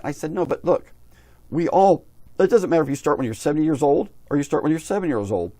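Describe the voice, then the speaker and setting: A man's voice: fairly high pitch, animated, quick pace, mellow, dry recording. A middle-aged man, an aviation hobby vlogger, tells a long casual story, rambling and repeating himself. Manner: rambling, repeats himself, quotes others in his own voice.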